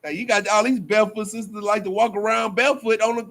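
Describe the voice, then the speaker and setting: A religious school teacher with a high-pitched, fairly bright voice preaches fast with fairly even intonation. His talk is casual and joking, full of laughter, repetition, restarted phrases, and trailing fillers.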